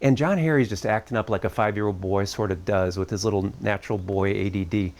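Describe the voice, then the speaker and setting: A man's voice: lowish voice, fairly quick, a little mellow. A middle-aged man speaking at a family camp, giving a reflective talk in a conversational way. He asks his listeners searching questions and adds light humor.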